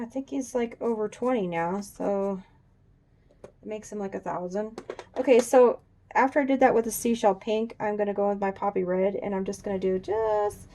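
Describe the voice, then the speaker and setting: Woman, coloring tutorial host, casual chat, thinks out loud, gravelly, mellow tone. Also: mid-range voice. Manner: chatty, thinks aloud, talks to her drawing. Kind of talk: casual demonstration while drawing. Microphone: camera on a tripod.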